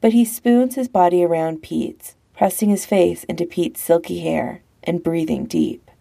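Slow, gravelly woman narrator. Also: on the low side, warm tone. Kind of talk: audiobook narration of a romance story.

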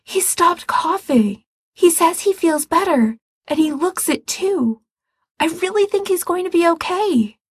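A woman voicing an excited young man who talks high and breathlessly. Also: moderate pace, hardly any pauses, no echo, studio quality. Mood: breathless joy.

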